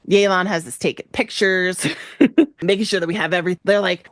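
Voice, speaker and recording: A woman co-hosting a podcast chats casually and retells a game story, laughing often and acting out the lines with animation. Her voice is lowish at normal speed, captured in a dry, clean studio recording.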